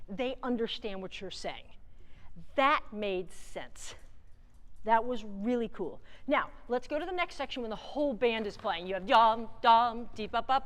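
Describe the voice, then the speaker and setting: A woman conducting a band rehearsal, energetic, singing rhythms aloud and counting off the players. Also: fairly high pitch. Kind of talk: rehearsal coaching. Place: large theatre with a band. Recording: live hall reverb with band playing.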